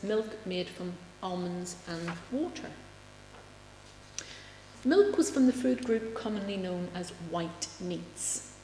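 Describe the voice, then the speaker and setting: A woman's voice: medium pitch, vocal fry, a little mellow. A woman giving a public lecture, wry in tone, reading quotations aloud with emphasis. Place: large lecture room. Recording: echoey hall, faint background hum.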